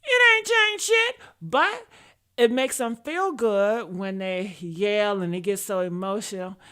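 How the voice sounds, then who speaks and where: Woman host, blunt commentary, sassy, profane, bright high voice, lively swoops. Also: takes it slowly. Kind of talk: opinionated commentary.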